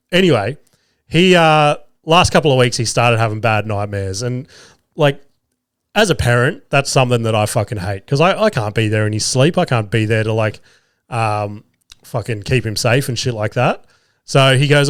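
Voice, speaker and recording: A man's voice: medium pitch, no room sound, clean studio sound. A young man hosting a solo podcast, rambling casually and swearing freely as he chats. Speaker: podcast host.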